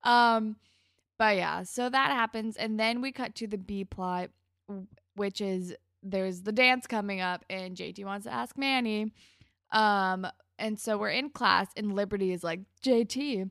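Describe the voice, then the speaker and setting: A woman's voice: medium pitch, gravelly, fairly bright tone, dry recording, studio quality. A woman co-hosting a casual chat, recapping a TV episode and laughing often. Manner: chatty, laughs often, quotes characters in quick asides. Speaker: podcast co-host.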